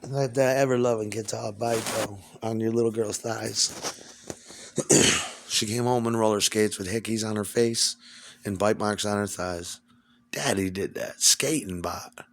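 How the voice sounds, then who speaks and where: A man's voice: fairly low pitch, fairly even intonation, a little slow, a little hiss or hum. A man at home, talking in a rambling, profane, stream-of-consciousness monologue.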